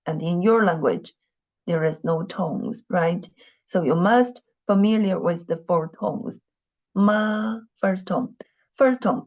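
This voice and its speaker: Slow, patient woman teacher. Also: fairly low pitch, darkish tone. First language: Mandarin Chinese. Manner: patient, repeats each point, many "you know" fillers. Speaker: Mandarin teacher. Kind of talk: classroom lesson explaining tones. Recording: dull lo-fi recording.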